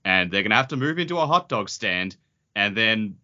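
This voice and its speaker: A man joking around on a book discussion podcast, spinning out ridiculous scenarios. His voice sits low but has a bright, forceful tone. The sound is a little dull and lo-fi. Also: expressive, brisk. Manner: joking, riffs on absurd scenarios. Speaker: podcast co-host.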